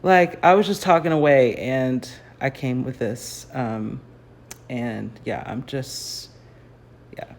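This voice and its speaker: A woman's voice: rumbling low, slow pace, darkish tone. Chatty woman rambling through a livestream. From United States. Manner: chatty and rambling, laughs often, many fillers. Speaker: artist hosting a livestream. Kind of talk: casual livestream chat while painting. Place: home garage, early morning. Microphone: phone livestream.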